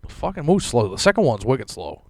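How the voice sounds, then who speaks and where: A man's voice: medium pitch, big pitch swings, fairly quick, crowd noise. A man hosting a casual podcast, rambling and swearing and talking to listeners as folks. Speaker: podcast host.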